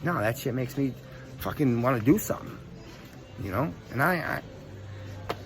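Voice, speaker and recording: A young man telling a story in a casual, profane, animated rant full of street slang. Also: mid-range voice, a little slow, soft background music. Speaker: vlogger.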